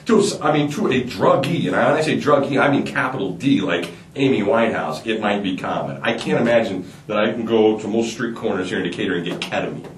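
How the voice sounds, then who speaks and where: A man's voice: lowish voice, fast talker, few pauses, echoey room, distant mic, a little hiss or hum. A man hosting a radio show, chatting and telling jokes in a jokey way that repeats itself. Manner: animated, jokey, repeats himself. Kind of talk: morning radio banter and joke telling.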